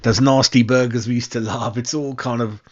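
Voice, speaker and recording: London bloke ranting on a fan stream, swears a lot, says mate every line, kinda muffled lo-fi sound. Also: male voice, mid-range voice, fairly even intonation, normal speed. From West London. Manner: sweary, exasperated, keeps saying "mate". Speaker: fan channel host. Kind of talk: casual live-stream rant.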